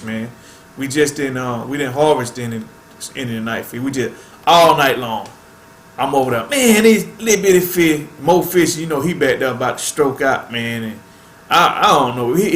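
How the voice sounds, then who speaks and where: A man's voice: on the high side, a bit bright, reverberant. A man hosting a fishing channel, chatting casually to viewers in a laid-back way and tacking "man" onto nearly every phrase.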